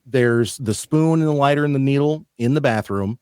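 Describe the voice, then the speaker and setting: A man's voice: mid-range voice, normal speed, a little mellow, clean tone, no echo. A man hosting a podcast, telling stories in casual chat with an exasperated, swearing manner. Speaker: podcast host.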